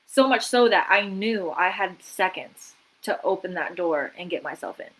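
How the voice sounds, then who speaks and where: A woman's voice: lowish voice, lively intonation, moderate pace, poor audio. Woman telling a dramatic story. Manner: vivid, dramatic retelling with quoted inner voices. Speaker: guest, artist and author. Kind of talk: livestream interview storytelling.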